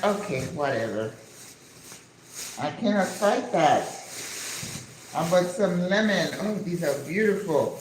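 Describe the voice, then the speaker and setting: Slow-talking woman in her sixties. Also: sits low, reverberant, slight background noise, rough recording. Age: 60s. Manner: chatty, enthusiastic, sprinkles in Spanish words. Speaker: vlogger. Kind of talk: casual chat vlog.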